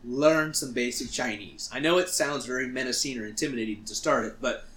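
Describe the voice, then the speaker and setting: A man's voice: medium pitch, a little fast, echoey room. A man co-hosting a podcast, telling a story casually and acting out what he said. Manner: animated, acts out quotes of himself. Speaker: podcast co-host.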